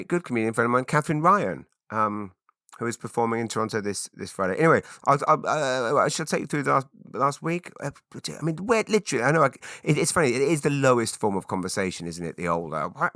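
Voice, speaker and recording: A man's voice: fairly low pitch, fairly bright tone, no room sound, clean studio sound. A man in his forties with a British accent, hosting a rambling solo podcast, often breaking off mid-sentence and slipping into silly voices. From England. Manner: rambling, self-interrupting, jumps into silly put-on voices. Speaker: podcast host.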